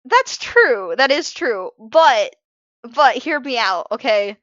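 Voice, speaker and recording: Tired, rambling woman streamer, higher voice. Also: lively intonation, slow, a bit bright, dry recording, lo-fi sound. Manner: rambling, self-interrupting, frank about being emotional. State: tired from little sleep. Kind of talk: casual live-stream chat while drawing.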